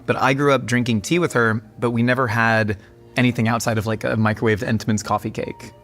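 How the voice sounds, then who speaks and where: A man's voice: medium pitch, steady tone, brisk, a bit bright, soft background music. A man hosting a casual chat over afternoon tea, playful and laughing often. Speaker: host.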